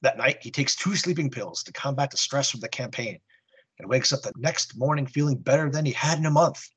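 A man's voice: mid-range voice, brisk, a bit bright, husky. A man hosting a podcast, recapping a comic book story with earnest narration and wry asides. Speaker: podcast host.

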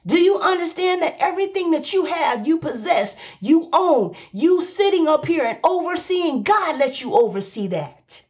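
A woman's voice: sits high, big pitch swings, normal speed, few pauses, a little mellow, lo-fi sound. A woman preaching a fervent sermon, repeating lines for emphasis and calling out to her listeners. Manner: exclaims and hums between phrases.

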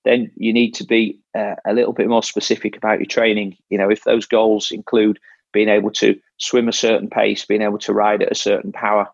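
Gravelly, husky man giving coaching advice. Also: lowish voice, no room sound, muffled recording. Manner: restarts phrases often, explains step by step. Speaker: triathlon coach.

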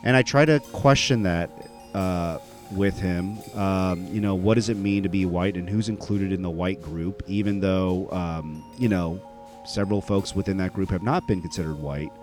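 A man's voice: deep voice, normal speed, darkish tone, soft background music. A man hosting a podcast, talking casually in a rambling way with many fillers and restarts. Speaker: podcast host. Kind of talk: casual solo podcast intro.

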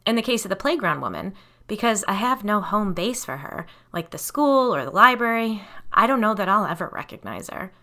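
A woman's voice: medium pitch, sing-song, a little fast, sharp tone. A woman reading a first-person story aloud in a conversational way, with asides to her listeners.

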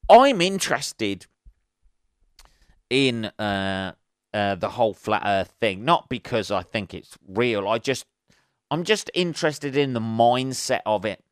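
A man's voice: medium pitch, lively intonation, slow, smooth, dry recording, studio quality. A man hosting a podcast alone, rambling in a casual, sweary, sarcastic way and laughing at his own jokes. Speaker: podcast host. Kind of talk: casual solo monologue.

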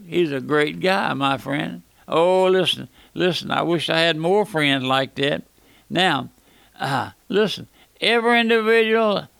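A man's voice: on the high side, creaky, pushed and bright, clean tone, no echo. A man preaching an emphatic, fiery radio sermon with folksy asides.

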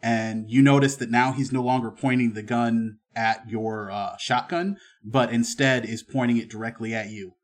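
A man narrating and running a western tabletop role-playing game as game master, relaxed and full of fillers. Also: mid-range voice, moderate pace, few pauses.

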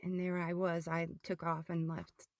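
A middle-aged woman telling her personal testimony as a podcast guest, halting and often restarting or repeating words. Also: on the low side, little pitch movement, no echo, clean studio sound.

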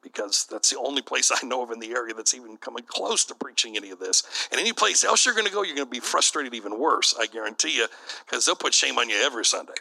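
A man's voice: mid-range voice, very animated, fast talker, vocal fry, sharp tone, poor audio. A middle-aged man, a bishop, preaching to church leaders in a conversational, storytelling way.

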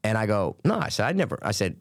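A man tells a long story to his co-host in loose, swearing podcast chat. He quotes the people in it in put-on voices. His voice sits low, and the recording is dry and close. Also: fast, dry recording. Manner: profane, animated retelling with quoted voices. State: recovering from illness.

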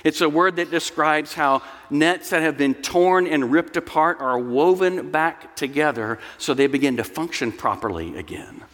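A male pastor delivers an earnest sermon, explaining scripture and slipping into storytelling asides. His voice sits fairly high for a man. It rings through a long hall reverb, as in a church sanctuary. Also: moderate pace, hardly any pauses, fairly bright tone.

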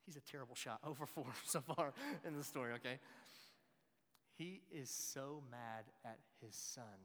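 A man's voice: medium pitch, a bit bright. A man preaching a sermon in a conversational way, with joking asides to his listeners. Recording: long hall reverb.

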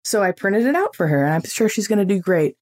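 A woman in her forties hosting a podcast, telling an everyday story in a lively way and acting out what people said. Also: medium pitch, fast. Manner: animated storytelling, acting out quotes. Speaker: podcast host.

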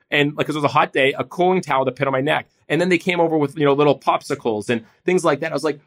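A man hosting an interview, telling stories with quick enthusiasm and running a rapid-fire favorites round. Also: fairly high pitch. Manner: fast, enthusiastic storyteller. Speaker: podcast host. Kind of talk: casual interview chat.

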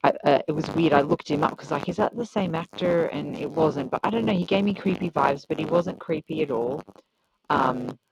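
A woman's voice: low-pitched, brisk, gravelly, slight background noise, poor audio. A woman chatting casually about a show, hesitant and searching for words. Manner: hesitant, restarts often, many fillers. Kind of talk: casual chat reviewing a show.

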